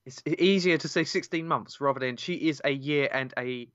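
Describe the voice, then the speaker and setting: A man's voice: mid-range voice, a little fast, fairly bright tone, smooth, dry recording, dull audio. A man co-hosting a podcast in casual chat, ribbing his friend in a laid-back way. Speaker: podcast co-host.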